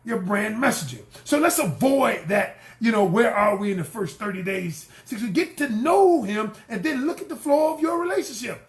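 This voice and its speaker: A middle-aged man gives dating advice to women, hammering his points home by repeating them. His pitch swings widely as he acts out the voices of people he quotes. The sound carries a noticeable room echo. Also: expressive, moderate pace, hardly any pauses. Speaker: relationship coach. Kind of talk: animated coaching talk to camera.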